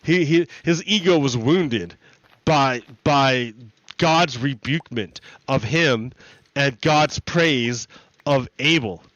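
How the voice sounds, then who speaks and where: Slow, rambling man streaming. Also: mid-range voice, a bit bright, dry recording, muffled recording. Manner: rambling, profane, self-correcting. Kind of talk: casual rambling storytelling.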